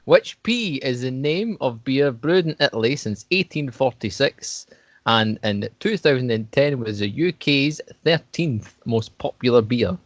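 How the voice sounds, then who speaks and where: A man's voice: medium pitch, animated, a little slow, no echo. A man hosting a podcast quiz in casual chat, swearing freely and teasing the others. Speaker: podcast host running a quiz. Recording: dull lo-fi dry sound.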